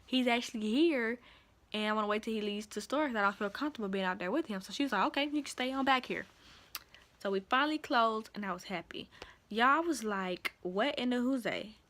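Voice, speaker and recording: A chatty young woman tells a storytime to her viewers, animated and conversational. Her voice sits a little high for a woman. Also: fairly quick. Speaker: vlogger. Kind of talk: casual storytime.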